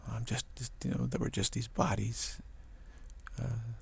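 A man's voice: medium pitch, level tone, a little slow, creaky, breathy edge. A man giving a casual spiritual talk outdoors in the evening, musing, repeating words and acting out the voices he quotes. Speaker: spiritual teacher.

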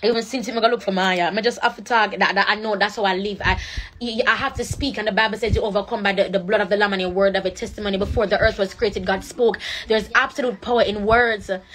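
A woman's voice: mid-range voice, fairly even intonation, fast, fairly bright tone. A woman, speaking into a phone on an emotional, preachy livestream and crying at times. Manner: emotional and preachy, switching between patois and standard English. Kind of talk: impassioned livestream rant.

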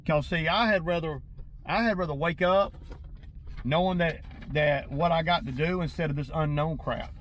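Lawn-care boss, higher-pitched man's voice, venting to camera in a rambling, agitated way, with faint outdoor noise behind him. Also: normal speed, fairly bright tone, rough recording. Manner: agitated, rambling, stumbles and repeats himself. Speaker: lawn care business owner. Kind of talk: casual vlog rant to viewers.

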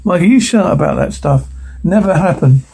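A man reading the lines of a worried young boy from a film script, in a raised, gravelly voice. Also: sits high, animated, brisk, mellow, full character voice. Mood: defiant.

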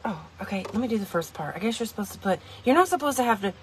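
A woman's voice: mid-range voice, lively intonation, rapid-fire, a little hiss or hum. A woman reviewing a kitchen gadget from inside her car, rambling and joking at her own expense as she talks to viewers. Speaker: product reviewer. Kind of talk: casual product review vlog.

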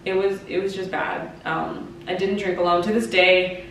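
A woman's voice: fairly low pitch, fairly even intonation, normal speed, fairly bright tone, slight background noise. A woman in her twenties giving candid breakup advice in an emotional, confiding way, with frequent "like" and casual swearing. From Canada. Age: 20s. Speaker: vlogger. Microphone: compact camera mic. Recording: echoey room, somewhat far from the mic.

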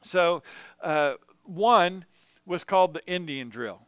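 Bright, clear-voiced male preacher. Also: sits high, takes it slowly, no room sound. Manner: storytelling, animated, chuckles between anecdotes. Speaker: pastor. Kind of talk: sermon with personal stories. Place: church sanctuary.

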